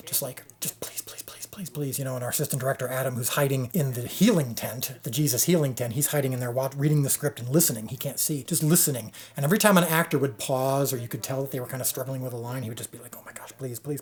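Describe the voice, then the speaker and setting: A man who directs a TV series, telling a story from the set in a casual way and acting out what people said. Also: medium pitch. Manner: animated storyteller, acts out quotes. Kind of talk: casual recollection to camera.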